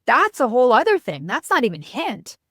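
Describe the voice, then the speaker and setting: A middle-aged woman from New York, a marketing expert speaking as a podcast guest, blunt and animated, often breaking off mid-sentence. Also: fairly high pitch, a little fast, slightly rough, no echo, studio quality. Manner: blunt, animated, self-interrupting. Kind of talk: casual podcast interview.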